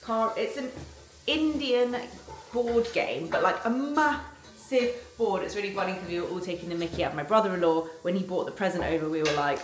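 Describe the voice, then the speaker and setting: A woman's voice: medium pitch, moderate pace. A woman, chatting casually to camera for her vlog at home, bubbly and rambling. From London. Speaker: vlogger. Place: home kitchen. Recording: echoey kitchen with background noise. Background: cooking sounds.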